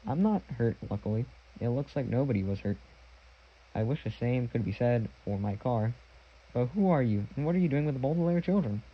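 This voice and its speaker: A man voicing a fussy, pompous middle-aged gentleman who speaks in a prim, stern, correcting way. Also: medium pitch, animated, brisk, husky, dull audio.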